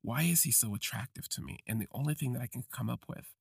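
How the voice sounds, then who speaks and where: A young adult man hosting a podcast, telling a confessional first-person story in slow, halting, reflective phrases. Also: mid-range voice, creaky, slightly rough, no room sound, clean studio sound. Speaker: podcast host.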